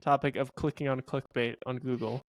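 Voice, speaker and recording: A man co-hosts a podcast over a video call, playful and quick to giggle. His voice sits mid-range, and the recording is dry and close. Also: mid-range voice, flat delivery, no room sound. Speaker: podcast co-host. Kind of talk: casual chat on a video call.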